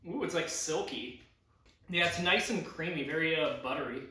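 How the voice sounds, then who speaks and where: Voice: medium pitch, sharp tone. A co-host of a casual snack taste-test, easygoing, drawing out reactions to each snack. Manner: slow, easygoing, drawn-out reactions. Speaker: co-host of a snack tasting video. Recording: very echoey room, mic far off.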